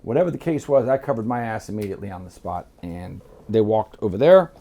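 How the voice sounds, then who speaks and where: Gravelly, profane man telling stories. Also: lowish voice, expressive, fast, mellow. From Miami, United States. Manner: profane, rambling, acts out quotes. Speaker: interview guest. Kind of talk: casual storytelling.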